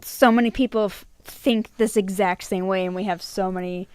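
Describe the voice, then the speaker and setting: A woman co-hosting a film podcast, chatty and expressive. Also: medium pitch, normal speed, clear, resonant tone, no echo. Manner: expressive, laughs easily, chatty. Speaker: podcast co-host. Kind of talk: casual chat.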